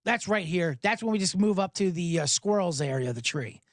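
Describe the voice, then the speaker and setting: A man's voice: high voice, animated, fairly quick, no room sound, studio quality. A man hosting a sports betting podcast, talking in a hyped, rambling way, swearing and spinning jokey analogies. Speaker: podcast host.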